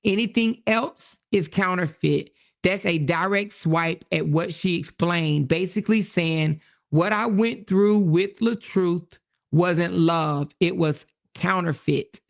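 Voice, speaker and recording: Gravelly-voiced woman livestreamer reading chat. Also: on the low side, takes it slowly. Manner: reacts with exclamations, reads comments and messages aloud. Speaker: livestream host. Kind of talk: casual livestream commentary, reading chat aloud.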